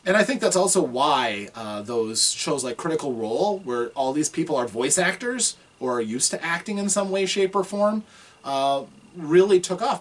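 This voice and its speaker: A man's voice: medium pitch, a bit bright, distant mic. Thoughtful man giving reaction commentary. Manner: thoughtful, measured, with pauses and restarts. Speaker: host reacting to a video.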